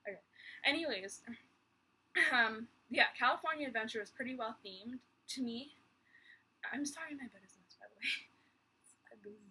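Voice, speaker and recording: Bright, husky-voiced young woman vlogger. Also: a little high, low-quality recording. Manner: rambling, exasperated, lots of sighs and giggles. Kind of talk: casual chat. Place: bedroom.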